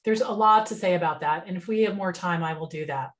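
A woman business mentor giving a relaxed, conversational webinar over a computer mic, with lots of fillers and restarts. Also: fairly low pitch, fast talker.

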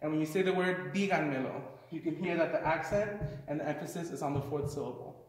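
A man with a fairly high voice explains a Spanish lesson in a relaxed, conversational way, with the odd filler. He sounds some distance from the mic, in a strongly echoing room with a long reverb tail. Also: fast. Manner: casual, explanatory, uses fillers. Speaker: Spanish teacher. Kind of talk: classroom lesson. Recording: echoey room, mic far off.

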